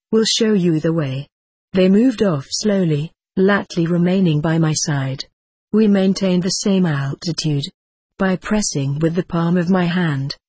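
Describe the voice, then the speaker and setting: An audiobook narrator giving an even, steady first-person reading. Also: mid-range voice, slightly rough, no echo.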